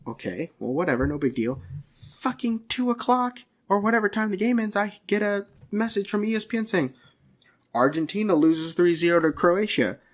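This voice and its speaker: Husky man ranting profanely on a podcast. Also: sits high, lively intonation, a little fast. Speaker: podcast co-host. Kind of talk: casual podcast rant.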